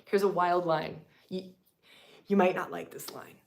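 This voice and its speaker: A woman's voice: on the low side, steady tone, unhurried, gravelly. Woman teaching in swinging whispers and bursts. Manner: swings between loud emphatic lines and hushed whispers; repetitive, profane and emphatic. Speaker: spiritual teacher hosting a live session. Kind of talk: impassioned spiritual teaching on a livestream.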